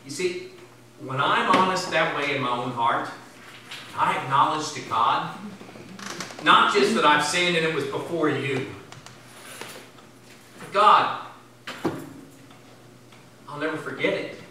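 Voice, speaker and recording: Pastor guy preaching in a big echoey church, sharp bright voice, mic kinda far off. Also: slow pace, pauses often, noisy background. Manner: swings from loud emphatic bursts to low quiet asides. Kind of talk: sermon. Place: church sanctuary.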